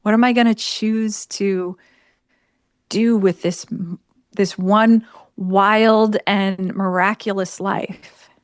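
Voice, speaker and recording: Woman podcast co-host, unhurried and contemplative, dry close sound. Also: medium pitch, fairly even intonation, clear, resonant tone, dry recording. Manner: slow, contemplative, thinks aloud. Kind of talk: reflective conversation.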